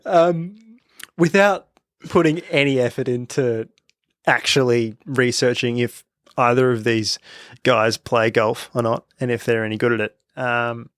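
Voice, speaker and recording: A man's voice: mid-range voice, measured pace, fairly bright tone, dry recording, clean studio sound. A young Australian man co-hosting a sports podcast, laid-back and casual, dropping "mate" often. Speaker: podcast co-host.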